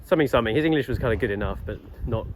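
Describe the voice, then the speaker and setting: A man's voice: mid-range voice, very fast, slight background noise. Laid-back young man rambling a story. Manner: rambling and laid-back, many fillers and restarts. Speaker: travel vlogger. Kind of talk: casual storytelling vlog.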